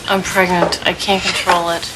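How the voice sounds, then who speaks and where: A woman's voice: fairly low pitch, level tone, normal speed, heavy background noise, close to an everyday voice. An actress playing a swollen, gassy pregnant woman who talks about it bluntly and a little sheepishly. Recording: film clip over loud music.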